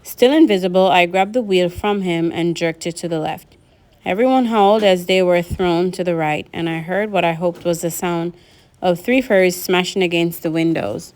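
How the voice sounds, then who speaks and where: Woman reading a kids adventure book out loud, kinda low voice, lively. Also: moderate pace. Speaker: narrator. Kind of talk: reading a novel aloud.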